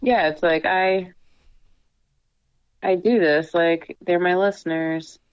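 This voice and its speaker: Dry-witted woman, low voice, dull mic. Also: steady tone, takes it slowly, smooth, no room sound. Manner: dry, brief replies. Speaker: podcast co-host. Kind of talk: casual podcast chat.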